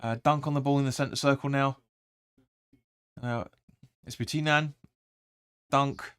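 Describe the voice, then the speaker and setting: A man hosting a live football watch-along, rambling through the play and sometimes shouting at the players. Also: mid-range voice, steady tone, a little slow, clean tone, dry recording. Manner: rambling, restarts often, erupts when urging players. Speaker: fan channel host.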